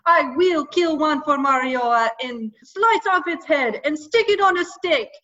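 A woman's voice: sits high, animated, a little slow, sharp tone, dull audio, heavily acted. A woman playing a lovesick, overdramatic guy. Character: lovesick man from New Jersey, a video game plumber.

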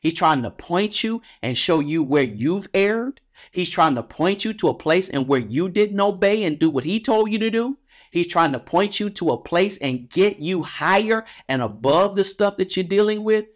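A man hosting a devotional podcast, preaching emphatically, with repeated phrases and big swings in pitch. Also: expressive, normal speed. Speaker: podcast host.

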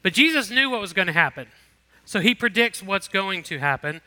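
A man's voice: high voice, big pitch swings, brisk, pushed and bright. A man leading a Bible lesson, reading scripture aloud and commenting in a casual, conversational way. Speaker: Bible study teacher.

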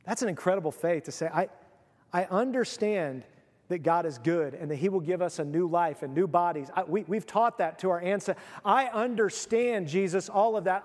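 Animated preacher in a reverberant hall. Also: male voice, high voice, moderate pace. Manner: animated storytelling, acts out biblical voices. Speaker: pastor. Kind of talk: sermon.

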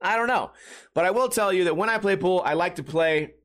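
A man's voice: sits high, fairly quick, fairly bright tone. Rambling, profane male podcast host. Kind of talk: casual monologue.

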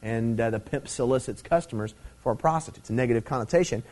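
A man's voice: mid-range voice, quick pace, darkish tone. A middle-aged man preaching a Bible teaching sermon in a conversational way, with many fillers, swelling into emphatic stresses.

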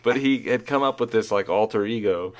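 A man's voice: on the low side, brisk. A middle-aged man telling rambling school stories in casual chat, laughing at his own jokes.

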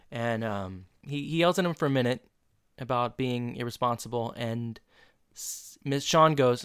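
A man's voice: mid-range voice, moderate pace, smooth, no echo, studio quality. A man co-hosting a podcast, casually recapping a TV episode in a jokey way and jumping in often. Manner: lively, jokey, interjecting. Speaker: podcast co-host.

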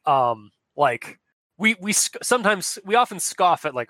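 A man chatting on a podcast with a bright, forceful voice that sits a little high for a man. He rambles, restarts his sentences and laughs often. The sound is close and dry. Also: very animated, normal speed, dry recording. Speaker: podcast co-host. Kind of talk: casual chat.

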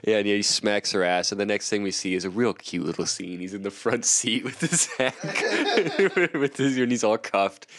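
A man's voice: on the low side, normal speed, hardly any pauses, background noise. A man co-hosting a podcast, retelling a cartoon episode scene by scene and acting out the characters' lines. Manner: animated storyteller, acting out quoted lines. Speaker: podcast co-host. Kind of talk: casual chat recapping a cartoon episode.

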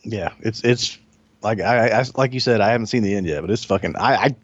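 A man in casual chat, mostly agreeing and then breaking into quick bursts of enthusiasm. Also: fairly low pitch, slightly rough, no echo, lo-fi sound.

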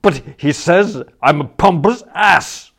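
A man voicing a large, cowed bully in an audiobook reading, hushed and sulky, at times half-whispered. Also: on the high side, lively intonation, slow, breathy edge, voice pushed up, exaggerated voice.

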